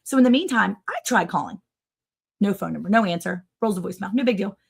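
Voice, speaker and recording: Animated middle-aged woman telling a story. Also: mid-range voice, fast talker, gravelly, breathy edge. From Maryland, USA. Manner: animated storyteller, acts out other people's voices. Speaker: livestream host. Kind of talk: casual storytelling chat.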